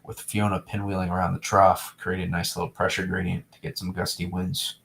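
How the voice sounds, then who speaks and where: A young man from New England rambles through a casual live stream, talking straight to his chat and often repeating himself. His voice sits very low with a gravelly, fried edge. It has a loose, offhand flow. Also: completely flat delivery, fairly quick, fairly bright tone, slight background noise. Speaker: weather streamer.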